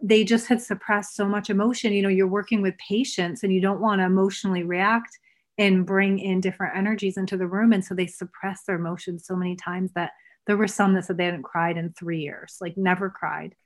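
An earnest woman in a relaxed podcast chat. She speaks in a reflective, heartfelt way, with a mid-range voice. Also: mid-range voice, a little fast. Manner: earnest, reflective, talks about energy and truth. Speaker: guest, former coach. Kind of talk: casual podcast conversation.

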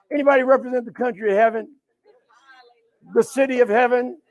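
A man preaching a sermon with call and response. He swings from sudden shouts down to hushed asides. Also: extremely high pitch, quick pace.

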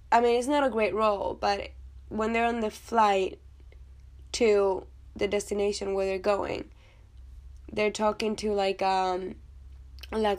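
A woman vlogger talking casually about a film, chatty and blunt, with swearing and rambling asides. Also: mid-range voice. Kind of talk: casual chat.

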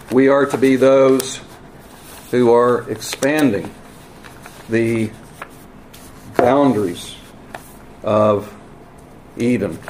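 A man preaching a teaching sermon, earnest and emphatic, with wry asides and halting repeats. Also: medium pitch, gravelly, a little mellow, slight background noise. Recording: roomy echo, faint ambience.

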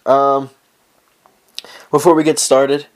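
A man's voice: mid-range voice, little pitch movement, slow pace. A man hosting his own podcast alone at home, talking in a rambling, joking way, swearing often and drifting off topic. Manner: rambling, profane, joking, easily sidetracked. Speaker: podcast host. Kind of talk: casual solo podcast chat.

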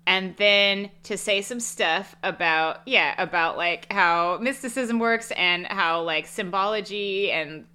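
A woman's voice: medium pitch, takes it slowly, few pauses, pushed and bright, clean tone. A woman co-hosting a podcast, recapping a movie in sardonic, swearing casual chat and laughing often. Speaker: podcast co-host.

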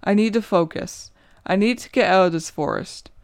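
A woman's voice: mid-range voice, normal speed, no room sound, clean studio sound. A young woman reading her own short story aloud in the first person, with an earnest, emotional, inward delivery.

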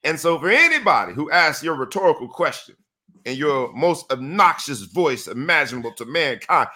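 A man hosting a casual sports talk show, emphatic and animated, repeating phrases for effect. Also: on the high side, normal speed.

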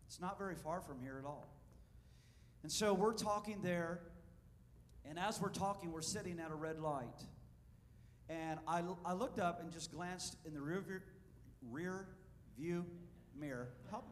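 Male pastor, slightly high voice, lively sermon delivery, asks the crowd questions, reverberant church with faint room noise. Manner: animated, asks the congregation questions. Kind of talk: sermon with storytelling. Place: church sanctuary.

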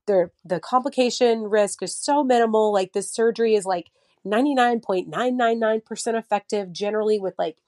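A woman's voice: mid-range voice, fairly quick, dark tone, no echo. Chatty thirties woman, story-driven podcast talker, quotes people in little voices, dry close sound. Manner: chatty storyteller, many fillers, acts out quotes. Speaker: mother of a child with a heart condition. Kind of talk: casual podcast conversation.

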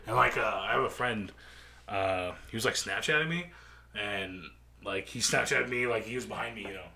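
A young man co-hosts a loose, profane podcast chat, his voice bright and clear. He tells stories with big swings, dropping to low grumbles and then bursting out loud. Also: normal speed. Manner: profane, animated storytelling with big swings in loudness. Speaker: podcast co-host. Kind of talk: casual chat.

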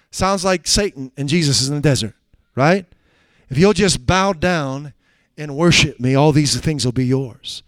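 Male preacher, high clear tenor, dry close sound, emphatic sermon delivery with slow stretched-out scripture quotes. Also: no echo. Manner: emphatic, swings between loud urgent exhortation and low quiet asides.

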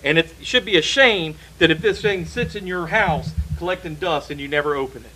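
A man's voice: high voice, bright, forceful tone, poor audio. A man preaching a sermon in a church, emphatic and repeating key phrases for stress.

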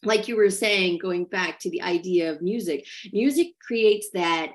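A woman's voice: lowish voice, measured pace. A woman hosting a podcast, chatting in a reflective, easygoing way and laughing easily. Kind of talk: casual podcast conversation.

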